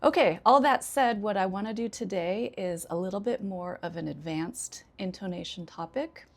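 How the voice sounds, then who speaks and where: An American woman, an ESL teacher, explaining intonation in an unhurried way with frequent pauses. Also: medium pitch. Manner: unhurried, many 'um' pauses, demonstrates intonation examples. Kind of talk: casual instructional talk.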